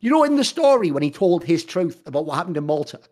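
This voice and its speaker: A man's voice: a little high, sing-song, fast, a little mellow. A British man on a podcast, ranting in a heated, profane, mocking way, often slipping into impressions of other people. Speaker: podcast co-host. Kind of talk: heated casual podcast rant.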